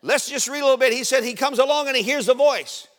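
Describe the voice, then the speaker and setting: A man preaching a sermon in a church, fervent and often shouting calls to the congregation. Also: very high voice, fast, big-room sound.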